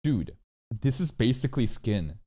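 A man giving casual reaction commentary as a streamer. He swears often and jumps from calm explaining to loud, high-pitched rants. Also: normal speed.

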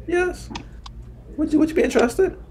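A man from New Jersey, a streamer, talking in a put-on high falsetto that slips deeper now and then, brash and swearing. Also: normal speed, background noise. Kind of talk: prank chat with a stranger.

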